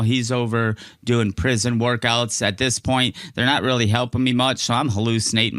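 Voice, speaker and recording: A man's voice: mid-range voice, dry recording, clean studio sound. A man, a podcast guest, telling his personal story frankly in casual conversation and acting out what people said. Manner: frank, animated storyteller who acts out quotes.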